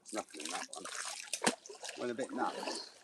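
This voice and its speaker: A man's voice: on the low side, moderate pace, far from the mic. A man rambling jokily through a meandering outdoor monologue, often restarting his sentences, recorded beside a river. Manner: joking, meandering, with frequent restarts. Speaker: vlogger. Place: outdoors by a river, feet in the water. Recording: outdoor recording with running water noise. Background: running water.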